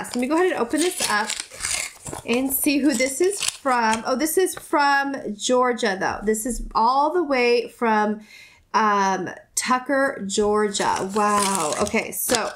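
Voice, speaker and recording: A woman from the United States chats casually as a vlogger, opening mail from viewers. Her voice sits a little high, and she gushes warmly, repeating her thanks and rambling with plenty of fillers. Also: noisy background. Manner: gushing, effusive, repeats herself; soft, rambling with many fillers. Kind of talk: casual vlog chat.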